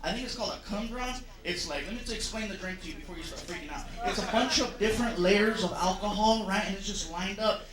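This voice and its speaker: A man's voice: high voice, fast talker, few pauses, roomy sound, crowd noise. A man doing stand-up on stage before a live audience, telling stories and acting out voices and sound effects. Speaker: stand-up comedian. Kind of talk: stand-up storytelling. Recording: live show with audience noise.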